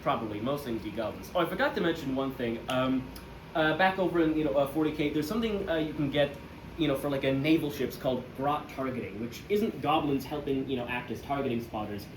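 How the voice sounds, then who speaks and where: A man's voice: mid-range voice, quick pace. A young man casually giving a jokey, rambling presentation to friends, full of fillers. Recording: echoey room with noise.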